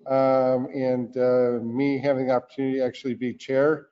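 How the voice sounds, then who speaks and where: A man speaking as a senator guest in an interview, in a deliberate, earnest way. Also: medium pitch, level tone, clean tone. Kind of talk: political interview talk. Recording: dull lo-fi sound.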